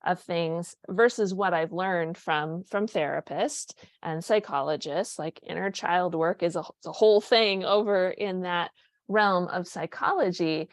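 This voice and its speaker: A woman's voice: on the low side, unhurried, no echo, studio quality. A woman hosting a podcast interview, chatting casually and rambling with many restarts. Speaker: podcast host, dietitian.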